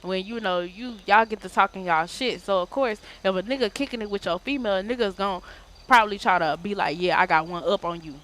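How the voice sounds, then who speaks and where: A woman streamer telling a casual story time in an animated, slangy, profane way. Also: medium pitch, fairly quick.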